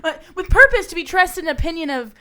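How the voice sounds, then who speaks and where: A woman performing a boisterous young male Shakespearean character, declaiming loudly and playfully as a stage actor. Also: extremely high pitch, animated, fast talker, a little hiss or hum, full character voice. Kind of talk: theatrical Shakespeare monologue.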